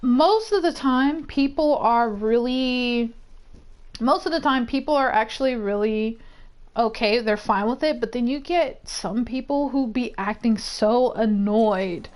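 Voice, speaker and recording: Excitable young woman streamer. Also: on the high side, a little slow. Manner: excitable, exclaims and rambles while gaming. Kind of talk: casual gameplay chat.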